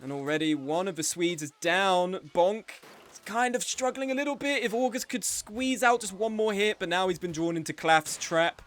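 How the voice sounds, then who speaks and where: Young guy commentating a live game match, kinda high voice, joking around. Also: normal speed, fairly bright tone. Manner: chatty and joking, with frequent laughs. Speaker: game tournament commentator and streamer.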